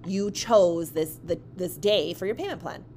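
A woman's voice: fairly low pitch, unhurried, a little hiss or hum. A woman who owns a dance studio, telling a story in a casual chat and acting out the voices of the people she quotes. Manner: animated, acts out quoted voices.

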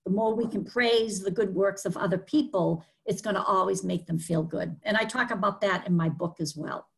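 A woman's voice: mid-range voice, normal speed, creaky. A woman with a Boston accent, an author being interviewed, explaining earnestly with many fillers. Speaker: author guest. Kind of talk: interview conversation.

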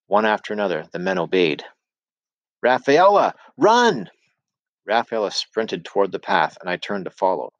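A man reads a novel aloud in a deep, low voice, telling the story at a steady pace and voicing the dialogue as he goes. The sound is dry and close, with no room around it. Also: brisk, few pauses, no echo, dull audio. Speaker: audiobook narrator. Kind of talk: scripted narration.

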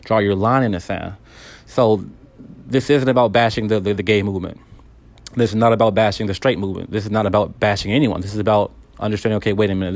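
A man giving a calm, earnest self-help talk straight to the listener, with frequent restarts and repeated words. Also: fairly low pitch. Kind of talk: candid self-help monologue.

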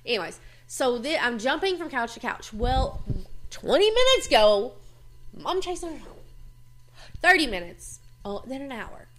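A woman telling childhood stories in casual chat. She is animated, laughs often, swears freely and acts out what people said. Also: high-pitched, unhurried, slight background noise. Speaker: host.

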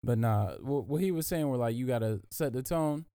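Fast-talking smooth-voiced man. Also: medium pitch, lively intonation, mellow. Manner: fast, hesitant restarts, profane. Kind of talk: casual podcast discussion.

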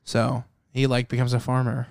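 Man, mid pitch, dry close sound, loose rambling delivery, swears freely. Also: completely flat delivery, moderate pace, vocal fry, a little mellow, dry recording. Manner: rambling, profane, lots of "like". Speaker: podcast co-host. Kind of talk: casual chat.

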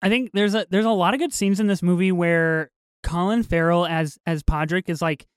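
A man's voice: high voice, moderate pace, clean tone, no room sound, studio quality. A man co-hosting a casual podcast, talking animatedly about a film, swearing and acting out lines. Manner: animated, swearing, acts out quotes. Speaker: podcast co-host.

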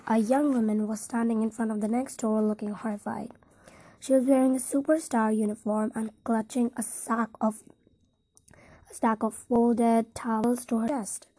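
A woman narrating a first-person audiobook in a soft, close reading. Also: on the high side, breathy edge, dry recording.

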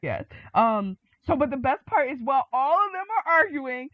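A woman podcast host in a casual TV recap chat, animated and acting out quotes with big jumps in pitch. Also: normal speed, dry recording. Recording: dry tinny phone-like sound.

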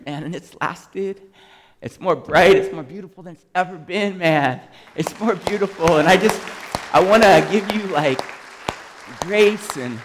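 A man preaching a testimony with passion, swinging between yelling and soft, tearful speech. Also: high voice, big-room sound. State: crying. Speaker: guest preacher. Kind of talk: sermon testimony.

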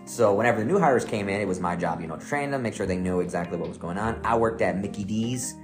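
A man's voice: fairly low pitch, quick pace, over music. A young man co-hosting a podcast, telling a story in a casual, jokey way and laughing often. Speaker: podcast co-host.

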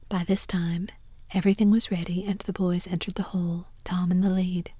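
A woman reads a story in a soft, breathy whisper as a whispered role-play. Her tone is mellow and dark, and the sound is very close and dry. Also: on the low side, normal speed, dry recording. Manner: soft, even whispered reading.

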